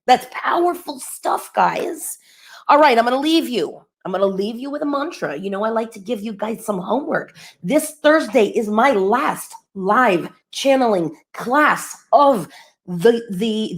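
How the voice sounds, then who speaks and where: A middle-aged woman hosting a live-streamed spiritual message, animated and rambling, laughing often. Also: medium pitch. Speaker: spiritual channeler and course host.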